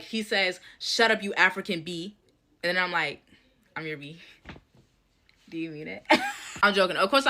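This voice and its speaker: A young woman in her late teens telling a comedic story time in animated, joking, slangy speech. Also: mid-range voice.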